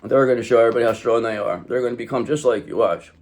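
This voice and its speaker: A man's voice: medium pitch, steady tone, very fast, a little mellow. A man giving a casual, rambling tarot reading to his viewers. He swears freely and keeps saying "okay" as he talks. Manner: rambling, often says "okay". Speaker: tarot reader.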